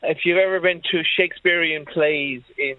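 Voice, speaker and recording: A man's voice: on the high side, fairly even intonation, normal speed, a little hiss or hum. Stammering man on a tinny line. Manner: hesitant, stammering restarts. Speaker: panel guest.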